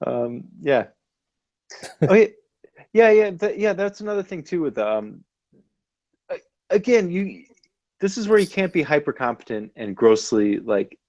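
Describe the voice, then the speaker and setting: A man co-hosting a podcast, chatting casually in an animated, rambling way with lots of fillers, a little tipsy. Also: a little high, measured pace, pauses often, dry recording, dull audio. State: slightly tipsy. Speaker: podcast co-host. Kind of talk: casual chat.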